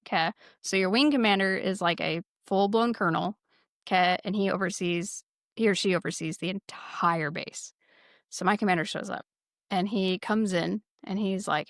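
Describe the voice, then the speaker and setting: A woman podcast host telling a casual story with lots of swearing, lively and laughing as she goes. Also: mid-range voice, moderate pace, no echo, studio quality. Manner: profane, lively, laughs while telling stories. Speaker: former military security forces sergeant.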